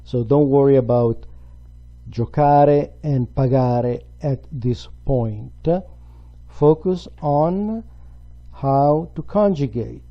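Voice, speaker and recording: A man's voice: medium pitch, takes it slowly, muffled recording. A man teaching a grammar lesson, explaining patiently step by step. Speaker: Italian language teacher.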